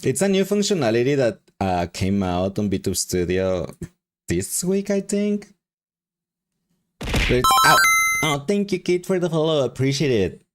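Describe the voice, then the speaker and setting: A man's voice: mid-range voice, big pitch swings, measured pace, slight background noise. A man with a Mexican accent chatting casually with his live stream chat, rambling and laughing often. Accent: Mexican Spanish.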